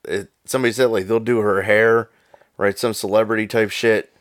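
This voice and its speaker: A man's voice: fairly low pitch, brisk, dry recording, studio quality. A man co-hosting a podcast in casual chat, ranting with lots of swearing. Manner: profane, ranting, animated. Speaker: podcast co-host.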